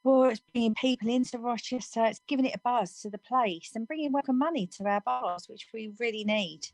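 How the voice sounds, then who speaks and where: A woman's voice: a little high, a little fast, dry recording. A woman bar worker answering interview questions in a chatty, enthusiastic way. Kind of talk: street interview.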